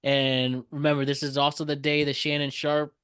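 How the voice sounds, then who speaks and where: A man hosting a casual podcast, explaining things to listeners with quick asides. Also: fairly high pitch, flat delivery, a bit bright, smooth, dry recording. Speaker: podcast host.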